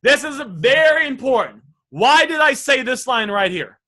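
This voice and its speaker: High, bright-voiced energetic male sales coach. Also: normal speed. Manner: energetic, emphatic, talks straight to viewers. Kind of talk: live online sales lesson.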